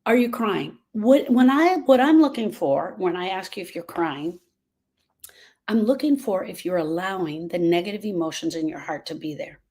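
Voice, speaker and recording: A woman's voice: on the low side, lively intonation, moderate pace, darkish tone. Earnest woman grief coach on a live stream. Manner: earnest, repeats phrases, drifts off topic. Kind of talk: casual live-stream talk to viewers.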